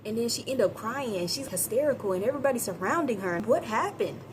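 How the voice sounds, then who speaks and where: A woman giving a casual, animated movie review, chatting with viewers and acting out characters' lines in quick voices. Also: on the high side, noisy background. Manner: chatty, addresses viewers as y'all.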